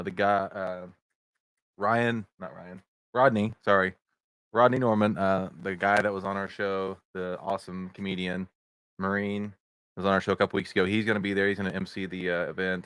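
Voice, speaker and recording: A man's voice: on the low side, a bit bright, clean tone, no room sound. A middle-aged man hosting a casual livestream podcast over video chat, rambling with many fillers and greeting viewers in the chat. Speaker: podcast host. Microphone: video chat setup.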